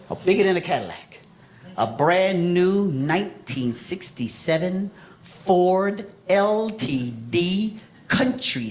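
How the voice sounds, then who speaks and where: A man from New York City doing a stand-up comedy set, telling stories with lively quoted voices. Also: a little hiss or hum. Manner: animated storytelling, jumps into high voices for quotes. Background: audience laughter.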